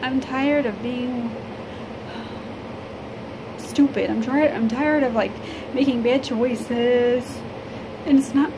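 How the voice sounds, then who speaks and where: A woman from Illinois talks to the camera in a personal vlog, halting and rambling with many fillers. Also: a little high. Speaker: vlogger. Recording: steady background noise.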